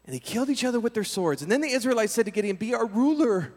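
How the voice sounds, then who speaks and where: High-voiced energetic preacher man. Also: rapid-fire. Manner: energetic, slangy, animated. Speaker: pastor. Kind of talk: lively sermon storytelling. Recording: long hall reverb.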